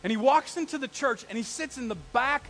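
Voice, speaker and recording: A man, a pastor, preaching a live sermon, telling stories in an animated way and asking the congregation questions. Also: very high voice, fairly quick, rough recording.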